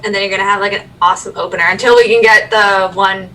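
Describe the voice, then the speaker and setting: A woman co-hosting a casual livestream chat, rambling and quick to laugh. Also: medium pitch, steady tone, pushed and bright, distant mic, a little hiss or hum, rough recording. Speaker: stream co-host.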